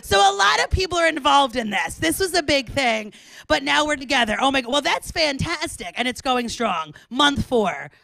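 A woman in her thirties hosting a live club show, loud and excitable, often laughing and chatting with the crowd. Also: high-pitched, normal speed, creaky. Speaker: comedian host. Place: small club, indoors.

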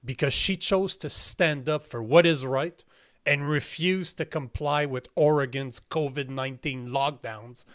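Brief: French-accented man hosting a talk podcast, blunt, emphatic, mid pitch. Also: fairly bright tone. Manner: blunt, emphatic, swears casually. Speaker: podcast host. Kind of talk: casual interview talk.

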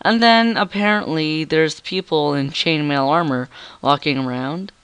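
A man's voice: fairly high pitch, a little slow, a bit bright, clear, resonant tone, no echo. A teenage boy doing goofy, rambling commentary over his game, with a frog in his throat. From Canada. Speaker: gamer. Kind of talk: gameplay commentary.

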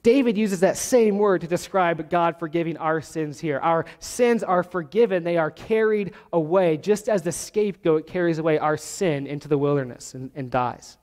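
High-voiced pastor preaching in a reverberant church. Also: male voice, a little mellow. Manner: teaching verse by verse, slowing down to stress key words. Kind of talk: sermon. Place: church sanctuary. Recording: long hall reverb.

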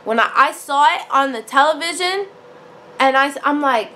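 A woman's voice: high-pitched, lively intonation, moderate pace, bright, forceful tone, slight background noise. Chatty woman showing off rings. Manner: chatty, says y'all and honey, hesitant fillers. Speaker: jewelry vlogger. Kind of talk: casual chat to camera. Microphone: camera on a tripod.

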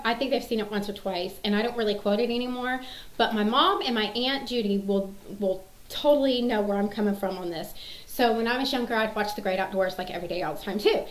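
A woman's voice: medium pitch, roomy sound, rough recording. A woman in her thirties chatting casually to camera, rambling with many fillers and restarts. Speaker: mom sharing favorite movie quotes.

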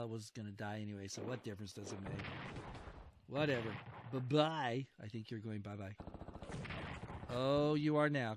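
A man gives loose, chatty commentary over a computer wargame, cheering his troops on and sighing at setbacks in a mid-range voice. Clear game noise of artillery and gunfire sits behind him. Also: mid-range voice. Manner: talks to his units, cheering and groaning at each turn. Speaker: wargame video host. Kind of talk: casual let's-play commentary.

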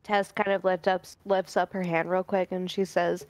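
A woman's voice: lowish voice, flat delivery, normal speed, hardly any pauses, a little mellow, dry recording. A woman playing a tabletop game, describing her character's actions. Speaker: player. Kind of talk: casual tabletop play.

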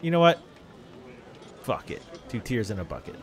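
A man's voice: medium pitch, very animated, normal speed, faint music behind. A man casually commentating on a role-playing game he is playing, joking, swearing and putting on silly voices. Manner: jokey, profane, puts on silly voices. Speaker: let's play host.

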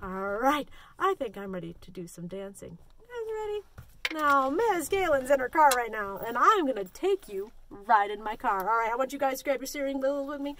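A woman children's librarian leading a story time, talking in an animated, sing-song way and coaxing the children to join in. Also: high voice, normal speed, slight background noise.

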